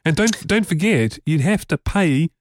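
A man co-hosting a casual tech podcast, playful and halting, often restarting his sentences. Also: a little high, lively intonation, dry recording. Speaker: podcast co-host.

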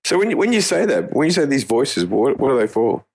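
A man co-hosting a casual tech podcast, asking quick questions and reacting. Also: mid-range voice, very animated, husky. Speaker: podcast co-host.

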